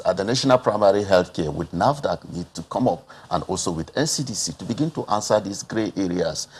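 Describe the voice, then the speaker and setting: A Nigerian man speaks as a health expert on a television panel, his voice low and husky. He presses his points with earnest rhetorical questions. He leans on "uh" fillers between his phrases. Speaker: public health expert guest. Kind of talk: TV panel discussion.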